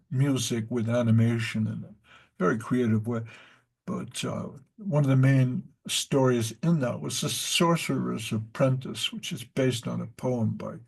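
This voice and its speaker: A man leads a devotional class at an unhurried pace, wandering through stories and asides. His voice is gravelly and husky. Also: medium pitch, a little mellow. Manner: rambling, with many fillers and asides. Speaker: teacher of a devotional study class.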